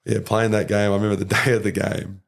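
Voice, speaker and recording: A young Australian man tells a story in a casual podcast chat. His voice sits very low and carries a gravelly fry. He rambles from thought to thought and leans on fillers. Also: level tone, fast talker. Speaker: podcast guest, rugby league player.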